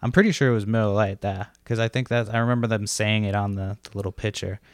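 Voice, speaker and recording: A man's voice: fairly low pitch, steady tone, fast talker, no room sound, studio quality. A man co-hosting a podcast, telling crude stories in a laid-back way. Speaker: podcast co-host. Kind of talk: casual chat.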